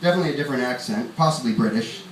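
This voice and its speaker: On a club stage, a young upstate New Yorker races through a rambling stand-up set, laughing at his own material in an expressive mid-range voice. Audience noise fills the roomy recording, captured far from the mic.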